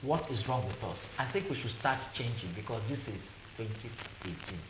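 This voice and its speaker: A man's voice: medium pitch, lively intonation, normal speed. Indignant Nigerian man, echoey room. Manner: indignant, rhetorical. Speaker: panel guest. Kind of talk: TV panel discussion. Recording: echoey room with background noise.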